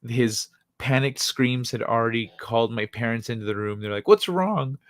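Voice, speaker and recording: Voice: mid-range voice, flat delivery, normal speed, smooth, dry recording. A live-stream host casually telling a childhood story to chat, laughing often and swearing freely. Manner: laughs often, loose and profane.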